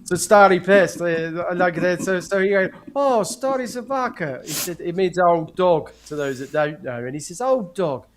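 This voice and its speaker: A middle-aged man chatting as a guest, his voice sitting somewhat high. He tells his stories with energy, jumping into the voices of the people he quotes and laughing along. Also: moderate pace, few pauses. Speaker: guest, former prisoner of war. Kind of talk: casual chat, storytelling.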